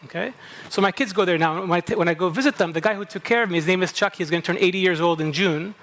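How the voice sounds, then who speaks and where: A man's voice: high-pitched, quick pace, a bit bright. A middle-aged man from Kuwait with an American accent, giving a conference talk as a psychologist and moderator, telling stories and checking in with "okay?". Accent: American, picked up at a New England summer camp. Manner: anecdotal, repeats "okay?" and acts out inner dialogue. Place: conference stage.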